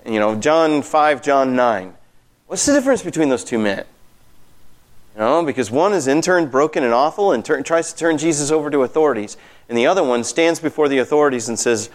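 A man teaching a Bible study class, talking in an animated, emphatic way with many fillers. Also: fairly high pitch.

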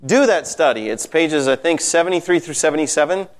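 A man teaching a Bible study class, talking in an animated, emphatic way with many fillers. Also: on the high side, a little fast.

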